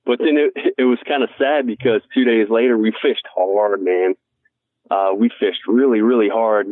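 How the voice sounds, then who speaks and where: Earnest guy telling fishing stories, lowish voice, phone-line sound, dead dry. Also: steady tone, moderate pace, no room sound. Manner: earnest, heartfelt, peppered with "man". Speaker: guest angler. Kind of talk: casual storytelling interview.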